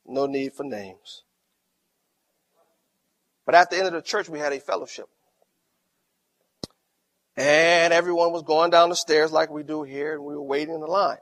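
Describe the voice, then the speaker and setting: A middle-aged man preaching a sermon as pastor, swinging from quiet storytelling to loud, emphatic lines. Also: a little high, steady tone, normal speed, pauses often.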